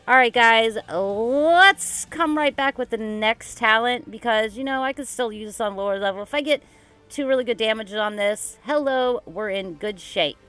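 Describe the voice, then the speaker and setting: A woman vlogging her gameplay casually, excitable and dramatic, rambling with lots of "like". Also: a little high, moderate pace, soft background music. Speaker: gaming YouTuber. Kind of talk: casual game commentary vlog.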